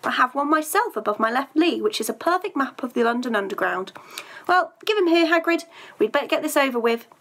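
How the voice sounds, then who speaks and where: A woman reading aloud and voicing a wise, calm old male wizard in a storybook reading, speaking in a measured way. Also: high voice.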